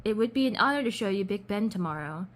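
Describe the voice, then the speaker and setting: A woman's voice: medium pitch, lively intonation, quick pace, lightly acted. A polite young duke put on by a woman reading aloud speaks in a formal, courtly way. The British accent is a put-on attempt.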